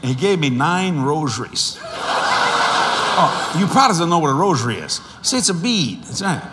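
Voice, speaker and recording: In a very noisy recording with a long reverb tail, a sixty-something man preaches animatedly, punctuating his stories with sudden shouts and slow, drawn-out emphasis. His pitch is on the high side.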